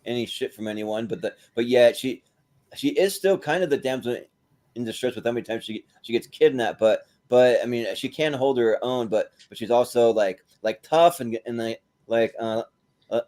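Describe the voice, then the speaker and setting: A man's voice: medium pitch, normal speed, a little mellow. Man saying "like" constantly. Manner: filler-heavy, says "like" constantly. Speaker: podcast co-host. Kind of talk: casual movie discussion.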